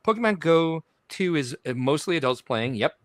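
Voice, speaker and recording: A man's voice: on the high side, lively intonation, normal speed, no echo, studio quality. Laughing middle-aged man reading comments. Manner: jokey, laughing, reads comments aloud with asides. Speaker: podcast co-host reading viewer comments. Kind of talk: casual livestream chat.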